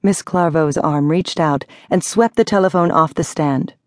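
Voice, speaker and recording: A woman narrates an audiobook from a script, telling the story in a measured, even way. Her voice is low-pitched, and the recording is dry with clean studio sound.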